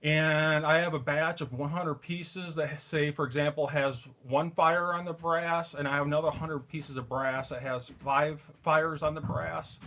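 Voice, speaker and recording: A man's voice: fairly high pitch, fairly bright tone. A man hosting a casual live stream from his reloading bench, chatting with viewers while he works with his hands.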